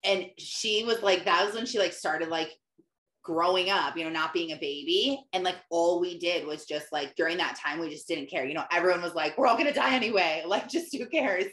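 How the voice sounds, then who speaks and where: A woman hosting a casual live call, telling stories in an animated way and acting out her own lines with big jumps in pitch. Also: moderate pace. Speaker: host, life coach. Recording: echoey room.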